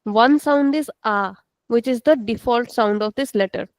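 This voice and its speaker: A patient woman teaching an online language lesson to students, repeating words slowly and explaining each sound. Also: a little high, a little mellow, no echo, rough recording.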